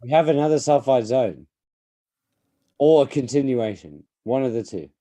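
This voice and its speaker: A man making short, excited comments on drilling results in casual chat. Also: medium pitch, normal speed, no room sound. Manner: terse, excited remarks on results. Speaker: co-host commenting on the report.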